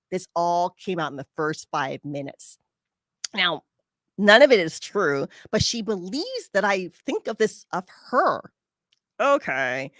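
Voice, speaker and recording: A woman's voice: mid-range voice, normal speed, no room sound, studio quality. A woman podcast host telling a personal story and giving casual advice, acting out her friends' lines as she goes. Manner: animated, acts out quoted friends.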